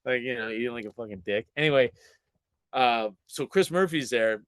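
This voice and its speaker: A man's voice: medium pitch, moderate pace, a bit bright, clean tone, no room sound. A man in his forties, a podcast guest telling a story in casual chat, swearing freely, laughing often and acting out what people said. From Canada. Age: 40s.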